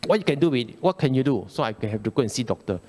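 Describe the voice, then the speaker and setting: Man, Malaysian English accent, informal Dhamma talk, chatty and colloquial, lively up-and-down pitch, reverberant hall. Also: rapid-fire. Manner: chatty, colloquial, repeats phrases, asks "okay?" often. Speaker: Buddhist Dhamma speaker. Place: temple hall.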